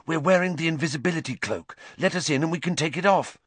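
A man voicing an earnest teenage schoolboy who speaks urgently and in a hushed way. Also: a little high, fast, husky, dry recording, pitched above the performer's own voice.

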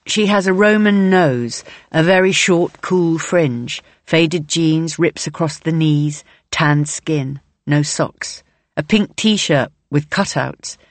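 A woman reading a novel aloud in measured, present-tense audiobook narration. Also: low-pitched, no room sound.

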